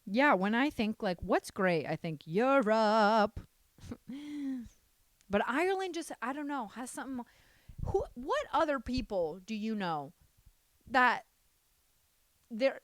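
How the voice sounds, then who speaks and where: Sassy, animated young woman podcaster. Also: fairly high pitch, measured pace, no echo. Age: 20s. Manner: sassy, animated, swears freely. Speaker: podcast host. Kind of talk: casual solo podcast chat.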